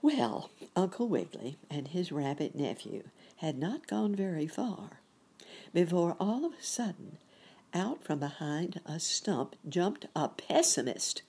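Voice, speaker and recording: Low, husky woman reading a children's story. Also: measured pace. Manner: lively, expressive.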